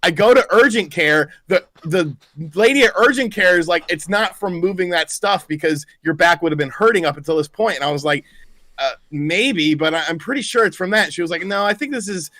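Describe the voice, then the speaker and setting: A man's voice: a little high, brisk, no room sound. A man co-hosting a podcast, telling a long anecdote in casual chat, acting out each person in it and swearing freely. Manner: animated storyteller who acts out the people in his stories, swears freely. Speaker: podcast co-host.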